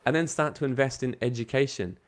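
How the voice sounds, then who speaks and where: Fast-talking man with a motivational pitch. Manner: fast, emphatic, casually swearing. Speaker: guest, network marketing coach. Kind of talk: casual motivational interview talk.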